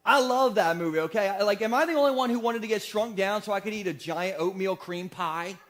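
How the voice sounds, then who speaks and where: A man in his forties preaching a sermon in a church, energetic and joking, often asking the congregation questions. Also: high voice, fairly quick. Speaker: pastor. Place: church sanctuary.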